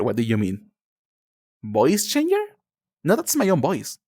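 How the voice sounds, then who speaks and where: Lively male streamer. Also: medium pitch, dry recording, studio quality. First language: Spanish. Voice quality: halting, searching for words in a second language. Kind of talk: casual live-stream chat, reading chat aloud.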